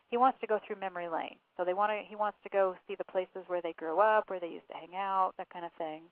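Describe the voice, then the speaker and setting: A woman's voice: mid-range voice, steady tone, fairly quick, hardly any pauses, no room sound. A woman author recounting events in a phone interview, with fillers and quoted dialogue. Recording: tinny phone line.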